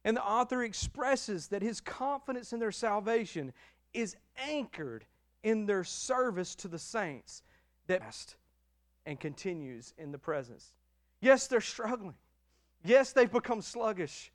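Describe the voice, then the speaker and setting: A middle-aged man preaching a sermon as pastor, emotional and emphatic, swinging between loud declarations and hushed passages. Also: high voice, animated, measured pace.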